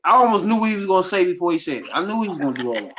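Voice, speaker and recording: A woman's voice: lowish voice, sing-song, rapid-fire, slight background noise. A woman co-hosting a wrestling podcast, talking bluntly and dismissively in very informal speech. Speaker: podcast co-host. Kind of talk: casual chat.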